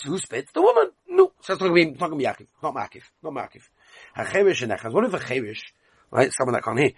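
Man, Talmud teacher, lively questioning delivery, slightly husky, dry room. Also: medium pitch, no echo. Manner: reads Aramaic text and explains it in English, questioning and animated. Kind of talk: Talmud study class.

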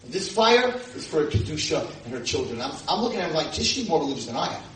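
Animated man lecturing in an echoey hall. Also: on the high side, fast talker. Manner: acts out quoted voices with sudden loud shouts. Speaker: rabbi lecturer. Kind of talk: animated storytelling lecture to a live audience. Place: community hall with audience. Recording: roomy distant room mic with noise.

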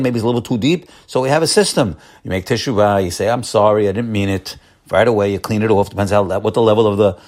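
A man's voice: mid-range voice, a little mellow. A man giving an informal Torah talk as a religious teacher. He speaks in a folksy way, repeats his key points, often addresses his listeners as friends, and frequently stops and restarts his sentences. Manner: hesitant restarts and stammered repetitions.

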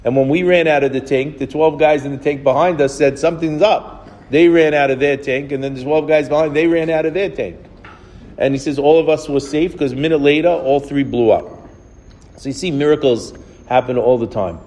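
A man's voice: fairly high pitch, brisk, darkish tone, big-room sound. A man giving an informal Torah class, telling stories conversationally, often restarting his words and acting out the dialogue. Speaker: rabbi teaching a class.

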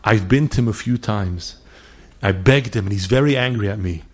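A middle-aged rabbi with a lower voice, speaking at normal speed, delivers a holiday sermon built around stories. He sprinkles Yiddish and Hebrew words into his English and voices the people in his tales.

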